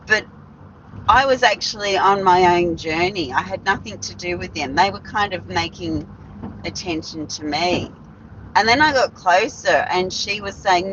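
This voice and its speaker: Woman rambling slow on a live stream, swears a lot, kinda dull lo-fi sound with faint traffic behind. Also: lowish voice, fairly bright tone. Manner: blunt, swears freely, rambling restarts. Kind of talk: casual live-stream storytelling.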